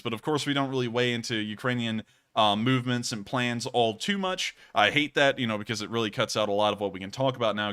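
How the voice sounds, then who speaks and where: A man's voice: lowish voice, bright, forceful tone. A young man hosting a casual live-stream of war news, talking conversationally and correcting himself mid-sentence. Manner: conversational, self-correcting, says y'all. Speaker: war news livestream host. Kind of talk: casual live-stream commentary over maps and footage.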